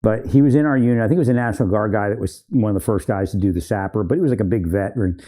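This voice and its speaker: A veteran rattles off rapid-fire stories about his old army training in a fairly low, dark voice. The telling is casual and rambling, with lots of laughter and self-correction.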